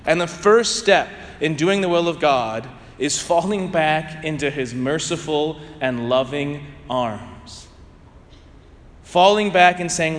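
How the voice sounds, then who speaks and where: A man preaching a homily, rising to emphatic peaks and sinking to soft, drawn-out phrase endings. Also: on the high side, big-room sound, slight background noise. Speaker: priest.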